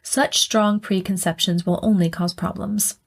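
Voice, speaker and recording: A woman's voice: fairly low pitch, fast talker, darkish tone. A woman voicing a matter-of-fact male crew scientist in an audiobook.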